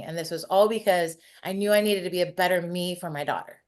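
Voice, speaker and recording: A woman's voice: on the low side, fairly even intonation, quick pace, few pauses. A woman in her forties, a hairstylist telling her personal story in an interview, frank and chatty with some casual swearing.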